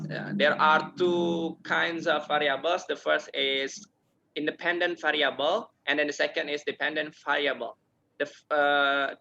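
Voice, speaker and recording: A young man from Indonesia, giving a formal thesis defense presentation in a hesitant, halting way full of filler sounds. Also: on the high side, gravelly, bright, forceful tone. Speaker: university student defending a thesis. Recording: dull lo-fi sound.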